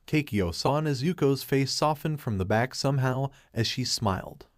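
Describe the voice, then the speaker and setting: A man narrates fan fiction in a steady, even storytelling voice, his pitch sitting right in the ordinary middle range. The recording is dry and close, with no room sound at all. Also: moderate pace, few pauses, dry recording. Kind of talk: reading fan fiction aloud.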